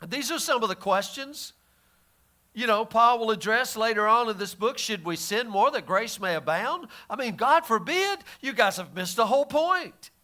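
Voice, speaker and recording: Bright, high-voiced folksy pastor man. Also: lively intonation, moderate pace. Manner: casual, folksy, stammering restarts. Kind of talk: conversational Bible teaching.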